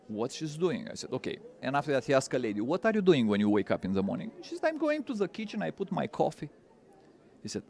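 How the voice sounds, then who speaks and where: A man's voice: on the high side, a little mellow. Earnest man teaching. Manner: earnest, repeats words, non-native phrasing. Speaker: spiritual teacher. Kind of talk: interview answers.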